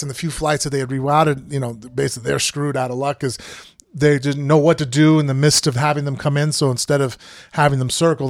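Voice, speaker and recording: A man's voice: fairly high pitch, no room sound, clean studio sound. A man co-hosting a podcast, telling a long travel story in a casual, rambling way and acting out quoted lines. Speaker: podcast co-host.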